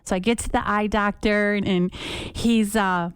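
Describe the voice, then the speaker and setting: A woman telling her personal faith story conversationally, in an upbeat, chatty way, with lively quoted voices. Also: medium pitch, moderate pace, clean tone, no echo, clean studio sound. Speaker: radio guest sharing a testimony.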